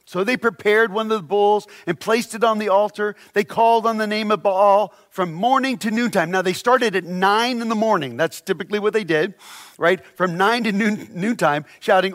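A man with a high voice preaches in a relaxed, chatty way. He reads scripture and breaks in with dry asides, checking in with a "right?" as he goes. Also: moderate pace. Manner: conversational, asks "right?" often, adds wry asides. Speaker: pastor. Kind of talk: sermon with scripture reading.

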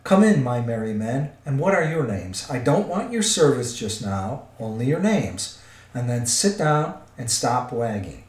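A man voicing a gruff, blunt, impatient big man who growls his words, in a roomy recording. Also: medium pitch, big pitch swings, unhurried, darkish tone. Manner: growling, curt. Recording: roomy echo.

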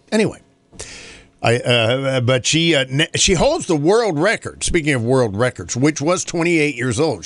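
A man from North Carolina hosting a morning radio show, chatting casually in a rambling way and laughing often. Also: medium pitch.

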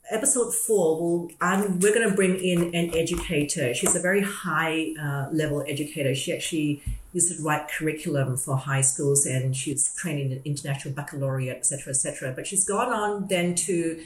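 A woman's voice: lowish voice, slight background noise. Chatty Australian woman podcast host. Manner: lively, laughs often, self-deprecating. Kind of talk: casual explanatory chat. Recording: roomy echoey room.

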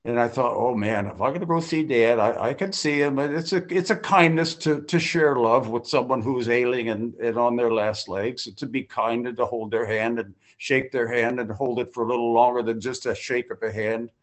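A man's voice: medium pitch, moderate pace, hardly any pauses. An older man sharing his personal recovery story at a group meeting, folksy and full of restarts and acted-out quotes.

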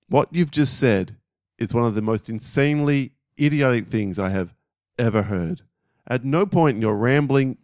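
A man reading the lines of a calm, matter-of-fact male school principal. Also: fairly low pitch, no room sound, clean studio sound.

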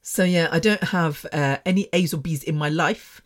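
A woman's voice: sits low, moderate pace. A woman from England in her forties talks straight to her listeners in a casual podcast monologue. She is chatty and self-mocking, with frequent laughter, in the easy manner of a former radio presenter.

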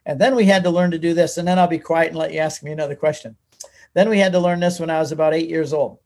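A man telling his life story as an interview guest, animated and talkative. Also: on the high side, fast. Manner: animated and talkative, reciting from memory. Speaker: guest author. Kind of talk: personal storytelling in a conversation.

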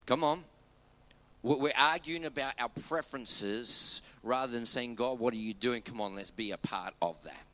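A man preaching a sermon as pastor, emphatic, repeating key phrases and dropping low and quiet on his main points. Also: moderate pace.

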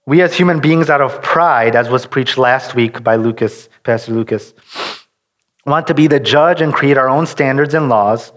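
Earnest male preacher, middle pitch, rephrases as he goes, leans on key words. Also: normal speed, fairly bright tone. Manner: restarts and rephrases mid-sentence. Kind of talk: sermon.

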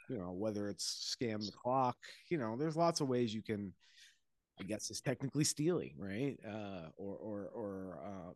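A man in casual podcast chat, rambling and wry, often laughing and trailing off quietly. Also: on the low side, no room sound.

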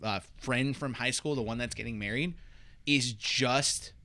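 A man co-hosting a podcast, chatting casually about a TV episode and getting animated when excited. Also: measured pace, no room sound. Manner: animated, goes high and loud when excited, laughs often. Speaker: podcast co-host. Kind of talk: casual chat reviewing a TV episode.

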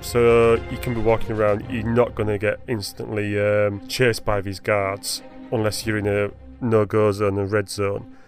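A man's voice: on the low side, level tone, moderate pace, few pauses, soft background music. A man chatting casually about video games, rambling and correcting himself as he goes. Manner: rambling, self-correcting, laughs often.

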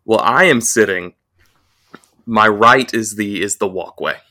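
On a podcast, a young co-host with a lowish voice and a somewhat slow delivery shares a rowdy anecdote, casual in tone, animated, and full of profanity.

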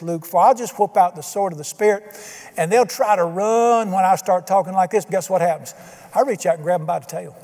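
A man's voice: sits high, darkish tone, in a large hall. An older man preaching a sermon with emphatic, folksy delivery and bits of humor.

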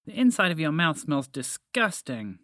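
A small storybook mouse, fussy yet grateful, as a man puts him on. His voice comes across slow and dry, with no room sound. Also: on the high side, big pitch swings, a bit bright, no echo, voice pushed up.

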